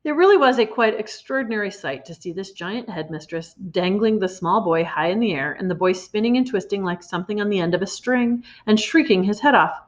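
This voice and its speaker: Lively woman reading a storybook aloud. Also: medium pitch, a little fast, few pauses. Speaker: reader. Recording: slightly muffled recording.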